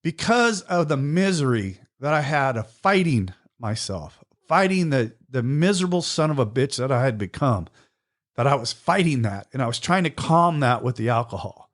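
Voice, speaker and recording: A man's voice: medium pitch, expressive, normal speed. Blunt, profane man telling a story. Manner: gets emotional. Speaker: podcast host in recovery. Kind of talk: casual chat.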